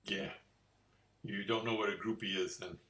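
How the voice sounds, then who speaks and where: Bright-voiced male improviser. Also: lowish voice, fairly even intonation, normal speed. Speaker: improv performer. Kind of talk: improv scene.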